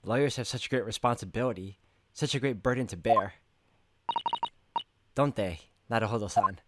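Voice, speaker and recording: A man voicing a polite, formal young female assistant, reading game dialogue softly. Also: on the low side, normal speed, heavy background noise, voice pushed down, close to an everyday voice. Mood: gentle. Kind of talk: game dialogue read aloud. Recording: loud game music behind.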